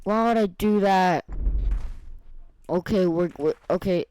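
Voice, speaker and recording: A gaming video creator plays a video game and comments on it, excitable and frantic, often shouting in bursts and talking to himself in casual slang. His voice is high and his pace slow.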